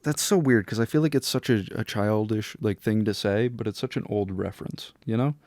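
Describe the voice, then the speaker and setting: A man's voice: fairly low pitch, brisk, a little mellow, dry recording, clean studio sound. A man co-hosting a casual comedic podcast, reacting with incredulous, swearing banter. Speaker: podcast co-host.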